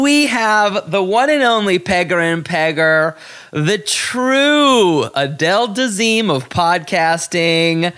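Giggly podcast host who pokes fun at themself, mid pitch, casual chat. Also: animated, slow, fairly bright tone, clean tone. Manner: giggly and self-mocking.

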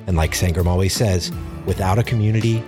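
Male announcer, very low voice, scripted show opener, music behind. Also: fast talker. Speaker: podcast announcer. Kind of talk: scripted intro voice-over. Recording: voice-over with music bed.

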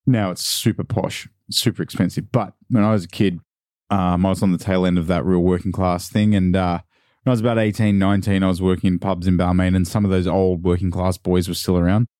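An Australian man in casual conversation, with a mellow, dark tone and a fairly low voice. He tells stories in a relaxed way and drops into playful impressions now and then. The recording is dry and close. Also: a little fast, no room sound. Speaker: podcast guest. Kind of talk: casual chat.

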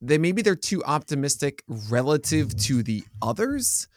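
A man's voice: on the high side, sing-song, moderate pace, dry recording. A man co-hosting a casual sports podcast, telling stories with a joking, teasing manner. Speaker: podcast co-host.

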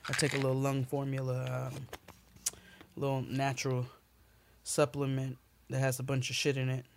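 A woman co-hosting a podcast in casual chat, playful and quick to laugh. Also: extremely low pitch, completely flat delivery, creaky. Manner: playful, laughs often, drawls out fun words. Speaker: podcast co-host.

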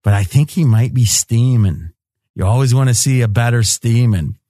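A man's voice: mid-range voice, moderate pace, warm tone, no echo. A man hosting a sports betting roundtable podcast, teasing his guests and laughing often. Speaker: podcast host.

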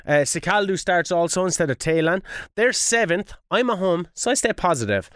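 A man's voice: sits high, lively intonation, normal speed, fairly bright tone, smooth, no echo, clean studio sound. An Irish man co-hosting a casual podcast, swearing freely and carefully over-enunciating his "th" sounds. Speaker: podcast co-host. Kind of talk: casual chat about a football management game.

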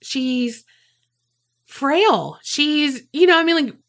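Slow-talking woman telling a tale. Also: sits high. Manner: animated, swears freely, laughs while telling. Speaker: podcast co-host. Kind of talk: casual storytelling chat.

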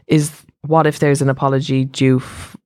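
A woman's voice: rumbling low, flat delivery, normal speed, darkish tone, clear, resonant tone, no room sound, clean studio sound. A woman hosting a podcast interview, asking curious, rambling questions full of fillers. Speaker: podcast host.

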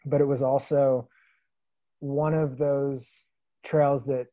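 A man around thirty from the Pacific Northwest, chatting easily as a podcast guest. His voice is mellow and unforced, recorded close and dry with no room sound. He laughs his way through stories at a relaxed clip. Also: mid-range voice, slow pace, dry recording, low-quality recording. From Vancouver, Washington. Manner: easygoing storyteller, laughs often. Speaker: guest, long-distance hiker.

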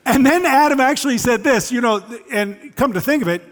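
Pastor guy preaching, fairly high voice, earnest, lots of questions, echoey church hall. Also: brisk. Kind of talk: sermon. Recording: long hall reverb.

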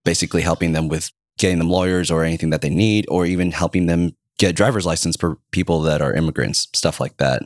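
A laid-back man chats as a contestant on a comedy podcast. His voice is very deep. The recording is dry and close. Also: fairly even intonation, fast, few pauses, dry recording. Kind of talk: casual banter.

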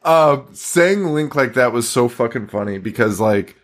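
A man co-hosting a casual podcast with a middle-pitched voice. He talks loose and profane, laughing through his sentences as he recaps the story with excitement. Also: measured pace. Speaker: podcast co-host. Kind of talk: casual chat.

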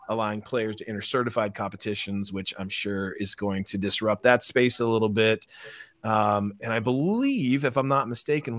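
A man's voice: lowish voice, fairly bright tone, dry recording. A man hosting a casual headline rundown, joking with his crew between stories. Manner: chatty, laughs between headlines, asides to crew. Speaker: show host.

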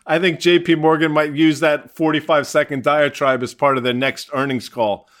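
A man's voice: fairly high pitch, flat delivery, normal speed, a bit bright. A man co-hosting a podcast, joking and teasing his guest in casual conversation. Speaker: podcast co-host.

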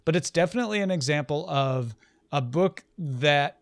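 A man's voice: fairly high pitch, expressive, moderate pace, no room sound, studio quality. A man co-hosting a casual book discussion over a video call, eager and enthusiastic. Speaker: podcast co-host.

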